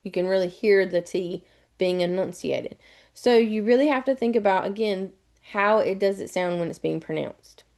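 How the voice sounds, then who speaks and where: A woman's voice: medium pitch, moderate pace, darkish tone. Woman teaching spelling rules in a webinar. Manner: explains patiently, spells words out letter by letter. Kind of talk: live webinar lesson.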